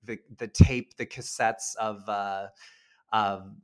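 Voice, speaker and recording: A man's voice: fairly low pitch, fairly even intonation, slow, clear, resonant tone. A man co-hosting a casual podcast, chatting and laughing often, with frequent restarts. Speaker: podcast co-host. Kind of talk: casual film discussion.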